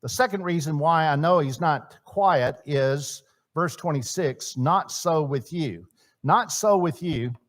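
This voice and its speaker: A man teaching a church marriage seminar in a sermon style, swinging between loud emphasis and quiet asides and asking his audience questions. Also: a little high, unhurried. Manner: chatty, asks the audience questions. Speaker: seminar speaker. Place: church hall.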